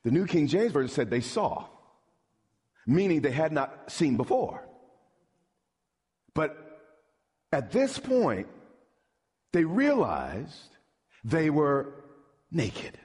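A man's voice: fairly high pitch, very animated, slow pace, long pauses, a little mellow, slightly rough. A middle-aged man preaching a sermon as pastor, emphatic, with call-and-response questions to the congregation and stammered repeats. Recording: long reverb of a large hall.

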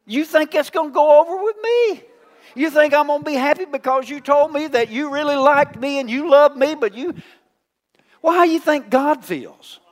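A male pastor preaching a folksy, teasing sermon, swinging between loud calls and hushed asides. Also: very high voice, moderate pace, long reverb tail.

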